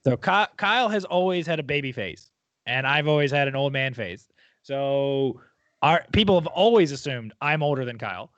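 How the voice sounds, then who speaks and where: A man, co-hosting a podcast and telling stories in a joking way, repeating words in quick bursts. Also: medium pitch, lively intonation, fairly bright tone, dry recording, lo-fi sound. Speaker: podcast co-host. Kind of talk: casual chat.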